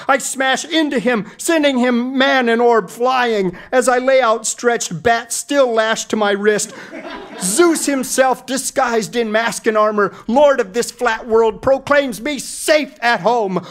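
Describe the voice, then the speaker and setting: A man's voice: very high voice, a bit bright. A middle-aged man telling a comic story in a grand, mock-epic manner. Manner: mock-epic, dramatic delivery.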